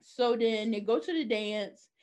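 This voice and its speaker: A woman's voice: fairly high pitch, unhurried. A woman in casual chat, animatedly retelling a TV episode and acting out the characters' lines. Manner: animated storytelling, acting out quotes in different voices. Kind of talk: casual chat recapping a TV show.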